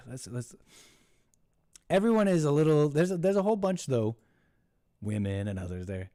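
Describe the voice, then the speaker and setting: Fairly high in pitch, very animated and mellow, this American host's voice is recorded at studio quality with no room sound. On his live call-in show he rambles and mocks, doing voices for the people he quotes, with a halting delivery full of restarts and laughs.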